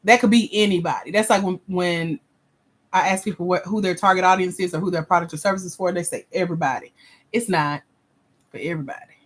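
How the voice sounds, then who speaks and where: A woman's voice: on the low side, quick pace. Blunt, sassy woman coaching on livestream. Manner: blunt, sassy, straight-talking with casual slang. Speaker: grant coach hosting a livestream. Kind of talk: livestream coaching, reading out viewer comments.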